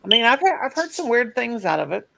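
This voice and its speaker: A woman with a gravelly voice chatting casually on a livestream, telling stories. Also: fairly high pitch, big pitch swings, quick pace, fairly bright tone. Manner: chatty storyteller. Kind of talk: casual chat. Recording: faint background noise.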